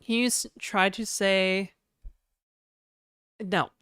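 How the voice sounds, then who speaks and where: A woman's voice: mid-range voice, steady tone, slow, a bit bright, clean tone, no room sound, studio quality. A young woman streamer chatting casually on a livestream, rambling and self-deprecating, with lots of "like" fillers.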